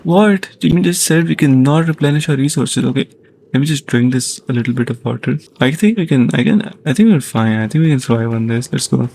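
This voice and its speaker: A man giving casual let's-play commentary on his gaming channel, excitable and jokey, often panicking at what happens on screen. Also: mid-range voice, a little fast, gravelly, slight background noise.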